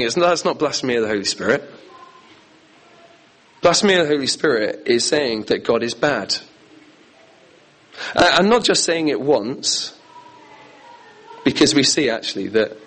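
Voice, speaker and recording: An earnest man delivering a sermon, leaning hard on key phrases and repeating them for weight. His pitch sits in an ordinary middle range for a man. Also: fairly bright tone, rough recording. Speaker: preacher.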